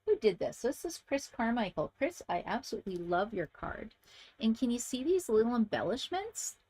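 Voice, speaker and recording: A woman's voice: a little high, very animated, normal speed, darkish tone, breathy edge. A woman hosting a crafting channel, chatting casually and enthusiastically to viewers as she shows handmade card samples.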